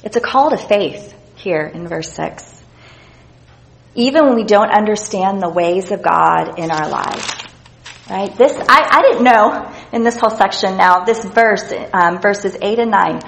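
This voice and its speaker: A woman's voice: mid-range voice, animated, a little slow, creaky, fairly bright tone, low-quality recording. A woman giving an earnest, reflective devotional Bible teaching, reading scripture passages aloud as she goes.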